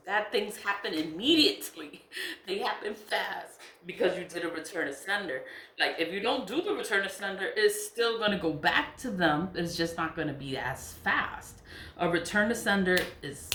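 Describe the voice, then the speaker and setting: A woman's voice: medium pitch, fairly bright tone. Giggly rambling woman in an echoey room. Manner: rambling, repetitive, bursts of giggling laughter, swears. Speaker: self-styled witch vlogger. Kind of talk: casual monologue to camera. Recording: echoey room with faint background noise.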